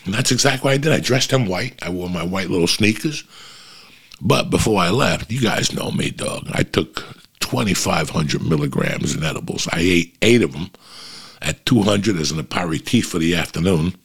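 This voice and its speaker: Middle-aged male podcast host, deep and husky, profane rambling storyteller. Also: normal speed. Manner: profane, rambling, animated anecdotes.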